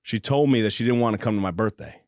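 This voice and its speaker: Male podcast host, low and measured, dry studio sound, good for audiobook reading. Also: darkish tone, dry recording. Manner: low, measured reading voice, joking between passages. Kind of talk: casual chat, reading a novel excerpt aloud. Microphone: studio microphone with headphones.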